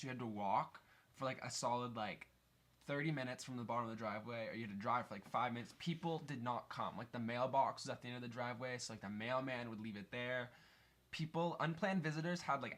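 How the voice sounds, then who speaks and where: A man's voice: mid-range voice, a bit bright. A young man vlogging to his viewers, stressing his points, swearing and using lots of fillers. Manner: emphatic, profane, filler-heavy. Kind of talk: casual storytelling.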